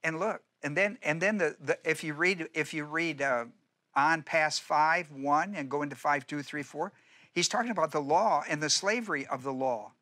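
A man's voice: a little high, moderate pace, bright, forceful tone. A middle-aged male pastor preaching a conversational Bible-study sermon, often restarting phrases and asking rhetorical questions.

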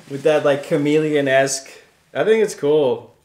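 A man's voice: on the high side, darkish tone, echoey room, slight background noise. A man from South Africa, co-hosting a reselling vlog in an upbeat, chatty way. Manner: upbeat, chatty, quick to laugh. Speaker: reseller vlogger, co-host. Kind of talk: casual chat.

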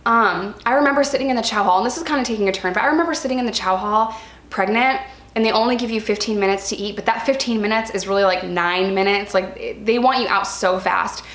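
A woman's voice: medium pitch, fast talker, fairly bright tone, roomy sound. A young woman speaking candidly about her own experience in a vlog, earnest and emphatic, repeating words for stress. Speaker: vlogger sharing personal experience. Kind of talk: candid personal vlog talk.

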